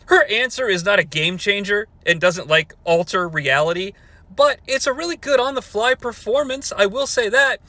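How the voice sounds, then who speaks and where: A man's voice: sits high, sharp tone, no room sound. A young adult man hosting a podcast, recapping an old show with sarcastic, amused commentary and playful impressions of the people he quotes. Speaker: podcast host.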